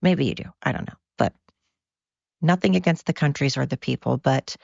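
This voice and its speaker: A tired American podcast host rambles through a casual monologue, cursing freely and drifting from tangent to tangent. The voice has a gravelly texture. The recording is dry and dull, with a muffled lo-fi sound. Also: medium pitch, moderate pace, a little mellow, no echo. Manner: rambling, profane, goes off on tangents. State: tired from overwork.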